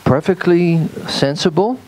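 A man preaching as a rabbi, slow and deliberate, lifting his voice when he acts out quoted speech. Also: high-pitched, darkish tone, rough recording. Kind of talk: sermon.

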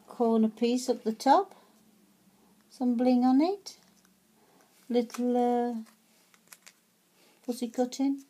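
Slow, mellow-voiced woman crafter. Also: fairly high pitch. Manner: chatty, hesitant, many fillers and restarts. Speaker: craft vlogger. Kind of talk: casual show-and-tell.

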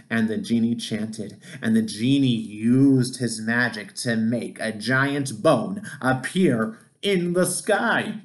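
Slow, gentle man reading a picture book. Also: medium pitch. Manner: gentle, expressive storytelling. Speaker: storybook reader.

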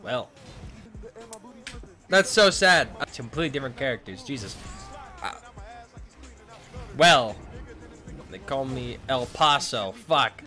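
A man's voice: mid-range voice, expressive, slow pace, long pauses, sharp tone, soft background music. A young man commenting casually on his own gameplay, swearing and breaking into frustrated outbursts. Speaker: gaming streamer.

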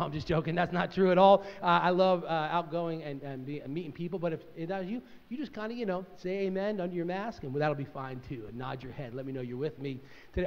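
A middle-aged male pastor preaching an energetic, joking sermon, swinging from loud to quiet. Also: sits high. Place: church sanctuary. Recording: dull sound in a reverberant church hall.

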